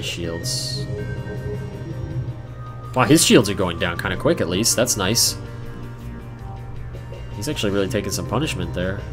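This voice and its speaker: A man streaming gameplay live, talking through it with theatrical exasperation that swings between mock despair and loud outbursts. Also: sits low.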